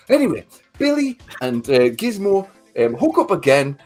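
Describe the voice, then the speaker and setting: A man's voice: high-pitched, huge pitch swings, moderate pace, faint music behind. A man co-hosting a livestream, recapping a movie plot in a rambling, sweary way. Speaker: livestream co-host. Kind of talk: casual movie chat.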